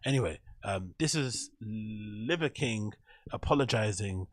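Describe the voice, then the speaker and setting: A man's voice: lowish voice, expressive, measured pace, dry recording. Man, casual reaction commentary, profane and rambling, dry close sound. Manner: profane, rambling, laughs often. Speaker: host reacting to a video.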